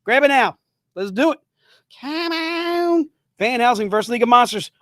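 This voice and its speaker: A man running a live sales stream in a high, bright-sounding register, cracking jokes and pushing each item with hyped, rapid-fire patter. The sound is dry and close, with no room echo. He talks casually and keeps the energy up.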